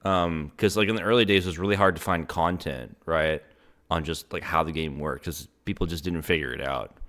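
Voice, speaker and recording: Deep-voiced rambling male interviewer. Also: brisk, fairly bright tone. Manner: rambling, many fillers and restarts. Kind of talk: casual conversation.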